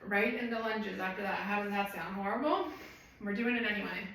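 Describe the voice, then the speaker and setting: A woman's voice: medium pitch, brisk, creaky, a bit bright. A woman fitness trainer leading a live home workout, chatting and rambling while she counts reps. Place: room at home. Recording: echoey room, voice from far off.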